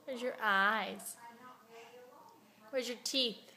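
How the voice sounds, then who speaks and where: A young woman at home, coaxing her toddler to name body parts and animal sounds in a slow, encouraging sing-song. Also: a little high, gravelly, sharp tone. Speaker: mother. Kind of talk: coaxing a toddler through words.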